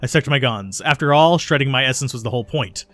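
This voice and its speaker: A man reading aloud the lines of a remorseful young woman who was once a cultist, in a steady confessional tone with small slips. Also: mid-range voice, quick pace, close to an everyday voice. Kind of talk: reading game dialogue aloud.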